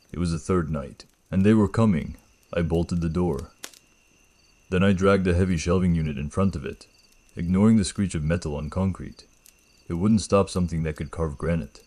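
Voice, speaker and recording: Deep husky-voiced man narrating horror. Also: moderate pace, a little mellow. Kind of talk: first-person horror story narration.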